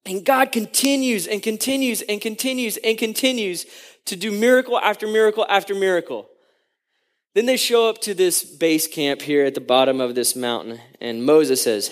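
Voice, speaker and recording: A man's voice: high-pitched, normal speed. A man preaching a casual, joking sermon, acting out the crowd's voices as he tells the story. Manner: casual, joking, lots of "like" and "you know". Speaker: pastor.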